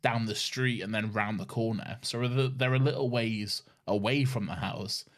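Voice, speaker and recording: A man's voice: lowish voice, moderate pace. A man co-hosting a podcast, chatting casually, laid-back, swearing often and laughing a lot. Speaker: podcast co-host. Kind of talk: casual chat.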